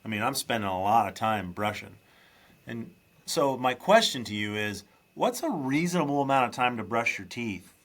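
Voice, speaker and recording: A man's voice: medium pitch, expressive, moderate pace, fairly bright tone. A man hosting a podcast, chatting loosely and teasing his guest. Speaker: podcast host. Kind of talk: casual interview chat.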